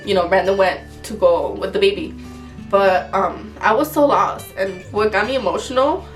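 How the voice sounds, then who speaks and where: A young woman talks straight to her viewers about a hard personal experience, loose and candid, leaning on fillers and the occasional curse. She sits a little back from the mic, and soft music plays faintly underneath. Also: medium pitch, recorded from a distance. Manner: casual, filler-heavy, frank with swearing. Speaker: vlogger. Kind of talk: emotional personal storytelling.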